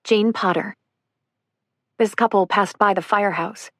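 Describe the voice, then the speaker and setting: A woman's voice: mid-range voice, steady tone, unhurried, fairly bright tone, dry recording, studio quality. A woman narrating a survivor's first-person account for an audiobook, earnest and emotional.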